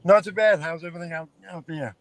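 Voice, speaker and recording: Calling in as a guest on a live stream, a man from Maine chats in a folksy way while driving in his car. His voice is on the high side and quick, and the rough recording picks up crowd noise.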